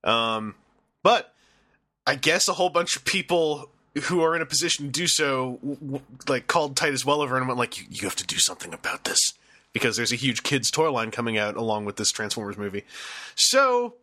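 Bright-voiced joking podcast host, a man. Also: medium pitch, lively intonation, fairly quick. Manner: rambling, joking, quotes reader comments. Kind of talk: casual chat.

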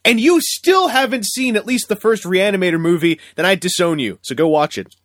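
Male podcast host, higher register, dry close sound; rambling, repeats himself, erupts into excited rants. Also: a little fast, no echo. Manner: rambling, repeats words when starting, bursts into excited shouts. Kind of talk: casual podcast chat.

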